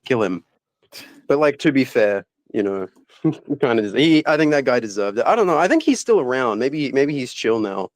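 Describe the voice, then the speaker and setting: A man's voice: mid-range voice, very animated, fairly quick, no room sound. A young Australian man co-hosting a podcast, chatting casually with crude joking banter. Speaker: podcast co-host. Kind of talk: casual chat.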